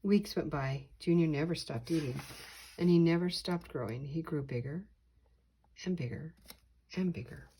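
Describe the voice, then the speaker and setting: An older woman, a grandmother, reading a children's picture book aloud slowly and expressively. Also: low voice, slight background noise. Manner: slow, deliberate, expressive reading. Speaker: storyteller.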